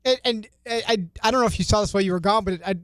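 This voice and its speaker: A man's voice: high-pitched, racing, a bit bright, smooth, no room sound. A man co-hosting a sports radio show, talking in a sarcastic, mocking way in a studio. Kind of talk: casual sports talk.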